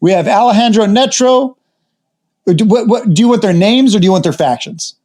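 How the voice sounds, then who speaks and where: A man co-hosting a gaming podcast, easygoing and quick to laugh in casual chat. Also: high-pitched, a little mellow. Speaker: podcast co-host.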